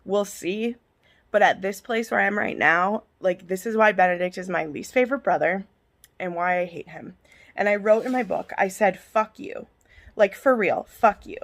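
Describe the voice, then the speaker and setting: A woman's voice: mid-range voice, normal speed. A woman book reviewer giving a passionate, heated vlog rant and swearing freely. She says she is irritable and on pain medication.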